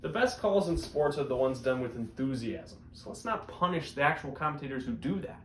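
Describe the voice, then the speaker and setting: A young man hosting a disc golf news show in a deadpan comedic style, with sudden loud bursts. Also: medium pitch, fairly quick. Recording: echoey room with faint background noise.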